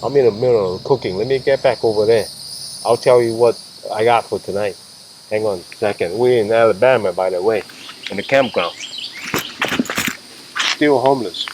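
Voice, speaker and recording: A man's voice: on the low side, normal speed, long pauses. A man vlogging casually while cooking outdoors at a campground, rambling and restarting his sentences, sometimes stepping away from the camera. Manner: rambling, chatty, trails off and restarts. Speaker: camping vlogger. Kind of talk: casual vlog, cooking talk. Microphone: camera, at times several meters away. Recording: outdoor camera audio with clear insect noise.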